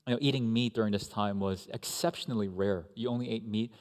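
A man's voice: on the low side, quick pace. Man preaching in an echoey hall. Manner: conversational, animated, with asides to the congregation. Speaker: pastor. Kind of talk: sermon.

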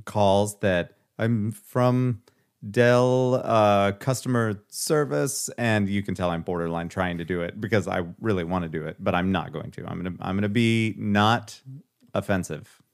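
A man in casual conversation, telling an animated story, acting out quoted lines and laughing often. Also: low voice, normal speed.

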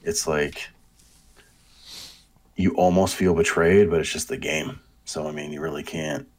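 A young man co-hosting a casual chat, relaxed and hesitant, with casual swearing. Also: very deep voice, a little slow, slightly rough. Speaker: podcast co-host.

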